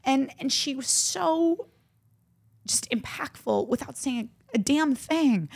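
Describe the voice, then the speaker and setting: A woman's voice: sits high, animated, slow pace, gravelly, darkish tone. A woman co-hosting a podcast, chatting casually in a rambling way full of fillers and restarts. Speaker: podcast co-host. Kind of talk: casual chat.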